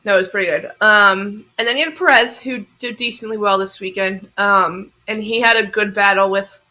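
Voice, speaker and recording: A young woman co-hosting a podcast, telling stories in an animated way and laughing often. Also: mid-range voice, moderate pace. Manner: animated storytelling with frequent laughs. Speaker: podcast co-host. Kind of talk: casual chat.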